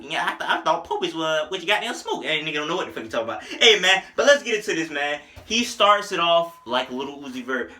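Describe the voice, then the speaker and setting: A young man casually reviewing an album, animated and profane, joking and rapping lines along. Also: a little high, fast, hardly any pauses. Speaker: music reviewer. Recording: echoey room.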